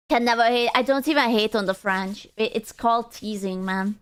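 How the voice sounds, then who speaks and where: A woman's voice: on the high side, moderate pace, few pauses, clear, resonant tone. A young woman streaming, chatting casually and playfully, teasing and swearing often. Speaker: VTuber streamer. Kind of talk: casual livestream chat.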